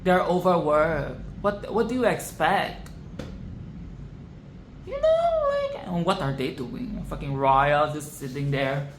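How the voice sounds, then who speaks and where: Very animated yet slow-paced, a vlogger with a mid-range voice tears into a movie in offhand commentary, cursing and repeating lines to drive points home in exasperation. Faint noise and echo fill the room.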